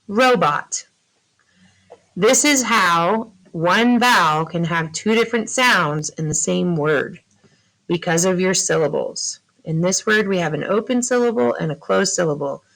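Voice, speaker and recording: In a slow classroom phonics lesson, a woman patiently poses questions to young students and then answers them herself. Her voice is fairly low and fairly bright, though the audio quality is poor.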